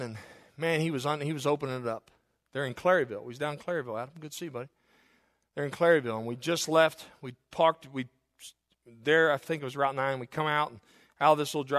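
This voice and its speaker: A middle-aged male pastor preaching in a fairly high voice. He moves between loud, stressed lines and low, quiet asides. He tells stories from the pulpit in a folksy way. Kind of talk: sermon.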